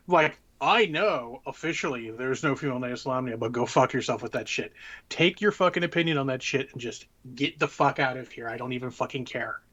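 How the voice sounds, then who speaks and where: A man's voice: mid-range voice, quick pace, sharp tone, muffled recording. A man co-hosting a tabletop gaming podcast, ranting bluntly and swearing a lot in casual chat. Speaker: podcast co-host.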